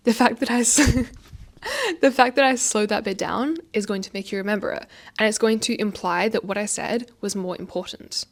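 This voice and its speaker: A young woman hosting her own podcast at home, talking fast and expressively with frequent laughs and a slight stutter now and then. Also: medium pitch, gravelly. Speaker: podcast host. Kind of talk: casual advice monologue. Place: home, indoors. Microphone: facing own camera.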